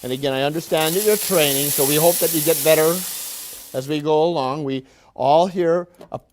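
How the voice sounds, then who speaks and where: A man's voice: on the high side, a little fast, background noise, close to an everyday voice. A lecturer playing a pompous, condescending factory manager in a classroom role-play, falsely cheerful as he talks down to his workers. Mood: scolding.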